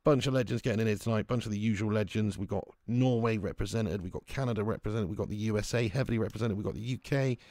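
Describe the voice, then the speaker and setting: A young man streaming a football video game, excitedly commenting, swearing at his players and greeting viewers in chat. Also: on the low side, quick pace, hardly any pauses, no echo, studio quality. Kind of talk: live game commentary and chat shout-outs.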